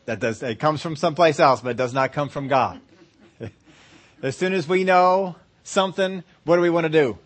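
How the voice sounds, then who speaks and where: A man's voice: on the high side, normal speed. A man preaching a sermon. He talks conversationally, laughs easily and acts out little scenes. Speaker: pastor.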